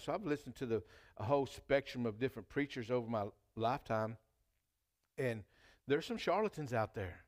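A man's voice: medium pitch, brisk. A man preaching a sermon in a church, talking casually and reading scripture aloud with rising emphasis. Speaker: pastor.

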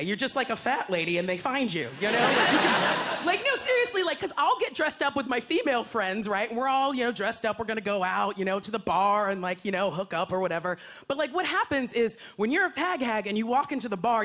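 A woman doing a stand-up comedy set on a club stage, talking to the crowd with quick asides and playful put-on voices. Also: a little high. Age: older than her twenties. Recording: live club set over loud crowd laughter. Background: loud audience laughter and noise.

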